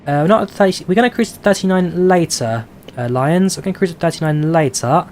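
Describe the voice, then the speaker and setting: A fast-talking man with a fairly high pitch and darkish tone, he's a flight sim streamer from London, England with a London accent. He chats casually on a live stream while flying a simulator, reading viewer questions and answering them with lots of filler "uh"s, with slight background noise.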